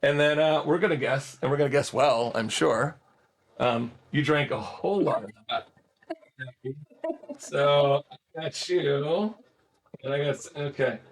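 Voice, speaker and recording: Chatty podcast guy, kinda high voice, upbeat, keeps things moving. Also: measured pace. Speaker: podcast co-host. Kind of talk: casual podcast chat.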